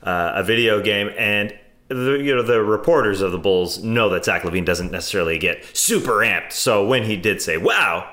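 A man's voice: fairly low pitch, normal speed, sharp tone. A man on a sports panel, talking basketball in a hesitant way, full of "uh"s and restarts. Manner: hesitant, many fillers and restarts. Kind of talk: casual basketball discussion.

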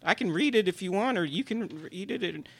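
A man's voice: sits high, animated, fairly quick, vocal fry, a bit bright, dry recording, pitched below the performer's own voice, full character voice. A man playing a teasing sidekick at a hell podcast studio, dry and giggly. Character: deadpan prankster demon button-pusher, mischievous. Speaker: comedy podcast co-host. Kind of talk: improvised comedy sketch.

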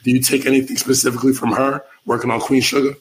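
A man hosting an interview, asking relaxed, slangy questions in casual chat. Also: mid-range voice, fast talker, background noise. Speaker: interview host.

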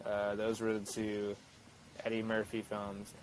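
Rambling young man with halting speech. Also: fairly low pitch, monotone, slight background noise, low-quality recording. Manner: rambling, halting, many fillers and restarts. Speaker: guest actor. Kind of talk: casual podcast chat.

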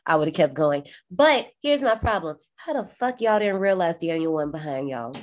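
A woman co-hosting a casual horror movie recap podcast, animated and profane, often jumping high to act out quoted lines, speaking. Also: moderate pace. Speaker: podcast co-host.

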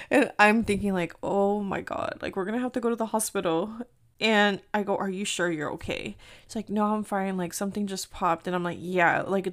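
A woman in her thirties with a Mexican-American accent, hosting a podcast and telling a travel story in a chatty, animated way, slipping into Spanish now and then. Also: medium pitch. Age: 30s. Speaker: podcast host. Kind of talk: casual storytelling chat.

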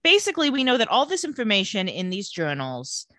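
Bright, lively young woman podcaster. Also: medium pitch, brisk, no echo. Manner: chatty, playful, laughs easily. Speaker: podcast co-host. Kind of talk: casual chat recapping a TV episode.

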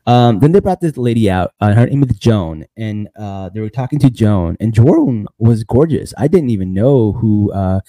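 Male podcast host, dark mellow tone, dry close sound, rambling and laughing. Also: on the low side, animated, moderate pace, few pauses, no room sound. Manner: loose and rambling, says "bro" and "man" a lot; laughs often between lines. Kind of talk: casual recap chat.

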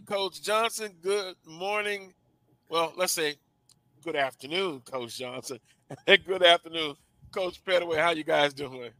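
A man hosts sports talk radio in an easy, chatty way, speaking slowly in a bright, high voice. The sound is dry and close. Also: no echo. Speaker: radio show host.

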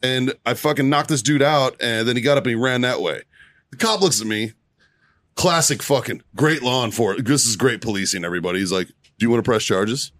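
Brief: male podcast co-host, crude and laughing storyteller, even-pitched, dry recording. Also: a little fast, no room sound. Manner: profane, laughing often, animated retelling. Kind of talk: casual storytelling among friends.

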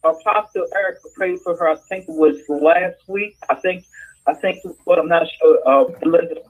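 A woman's voice: fairly low pitch, moderate pace, slightly rough, highs cut off. An older woman telling an emotional testimony on a church prayer call over the phone, breaking into praise. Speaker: prayer line participant.

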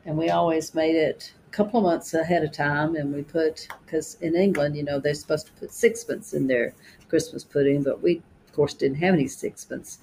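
An older woman recalls family memories in a fond, halting way, often restarting her sentences. Her voice has a gravelly, creaky edge, and faint noise hums behind it. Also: low-pitched, steady tone, darkish tone, rough recording. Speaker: interviewee, daughter of the subject. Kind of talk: reminiscing interview.

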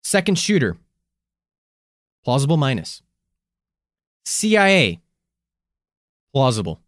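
Lively, joking male podcast co-host. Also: mid-range voice, slow pace, no room sound, studio quality. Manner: verdict-giving, joking, swears, laughs. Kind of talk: casual conspiracy podcast chat.

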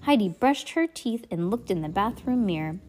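A woman reading a children's chapter book aloud at home, expressive and chatty, with playful asides to a young listener. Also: mid-range voice, moderate pace, slight background noise. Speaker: reader of children's books.

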